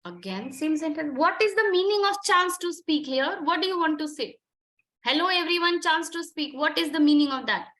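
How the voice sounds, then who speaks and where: An Indian woman runs a communication skills class and keeps pressing her students to speak clearly. Her voice sits high and sounds bright and clear, and she slips between English and Hindi as she questions them. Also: expressive, fairly quick, few pauses. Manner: probing, insistent questioning, mixing Hindi and English. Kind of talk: online group discussion coaching.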